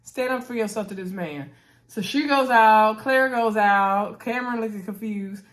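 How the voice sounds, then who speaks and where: A woman casually recapping a reality TV episode, chatty and animated, acting out what the cast said and calling out to her viewers. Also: a little high, moderate pace. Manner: chatty, animated, acts out quotes of cast members; uses "y'all" and "girl".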